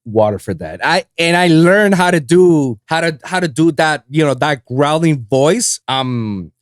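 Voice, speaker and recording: Animated man hosting a podcast. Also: on the high side, a little slow, dry recording, studio quality. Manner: animated, swears freely, lots of fillers. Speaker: podcast host. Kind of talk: casual podcast chat.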